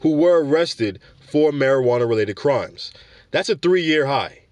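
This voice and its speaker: A man's voice: a little high, dry recording. Casual man reading news and commenting. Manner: trips over words, corrects himself, breaks off for opinions. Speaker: show host.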